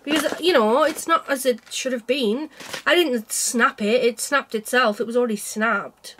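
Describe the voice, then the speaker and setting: Woman chatting about her stitching, high voice, joking at herself, a bit poorly. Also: moderate pace, fairly bright tone, slight background noise. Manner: chatty and self-mocking, laughs often. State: unwell with a cold. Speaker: cross-stitch vlogger. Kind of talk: casual chat to camera.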